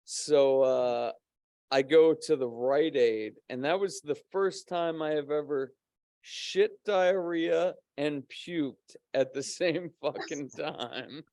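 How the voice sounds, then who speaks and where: A man's voice: fairly high pitch, slow, darkish tone, dry recording. A man telling a rambling story in casual podcast chat, swearing and laughing often. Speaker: podcast guest; co-host of a paranormal podcast.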